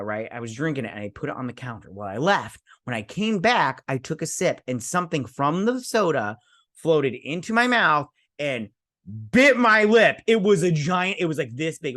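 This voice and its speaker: A man rambles through a casual episode recap, drifting into side stories and tripping over fillers. His voice sits at an ordinary middle pitch, recorded close and dry with no room sound. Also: lively intonation, brisk, a bit bright, dry recording. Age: adult parent. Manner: rambling, digressive storyteller with many fillers. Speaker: show host reviewing an episode.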